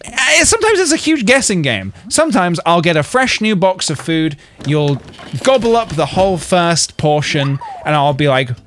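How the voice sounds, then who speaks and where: A man's voice: a little high, big pitch swings, a little slow, fairly bright tone. A man chatting casually while streaming a game, rambling and laughing often. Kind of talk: casual gameplay commentary. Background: faint game music.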